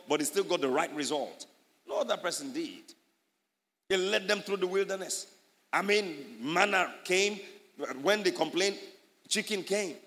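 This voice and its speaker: A man preaching an animated sermon as a pastor, his voice rising loud on key points. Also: high-pitched, long reverb tail.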